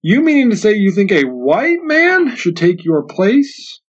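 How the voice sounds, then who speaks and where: A man's voice: high-pitched, big pitch swings, a little slow, pitched above the performer's own voice, full character voice. A cold, bullying storekeeper, as a man reads him out. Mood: menacing. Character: cold domineering man holding a boy to a contract. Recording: dull lo-fi sound.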